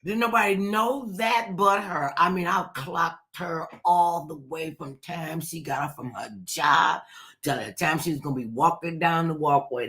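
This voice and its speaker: A man telling a childhood story in a relaxed chat, lively and at times dropping into a hush. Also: fairly high pitch. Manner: animated storyteller, drops into a hush at times, Southern-tinged vernacular.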